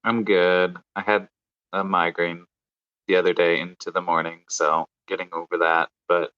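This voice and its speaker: A man's voice: low voice, level tone, normal speed, smooth. A man, a physician guest, chatting casually on a podcast and making dry, teasing remarks over a dull, lo-fi remote recording.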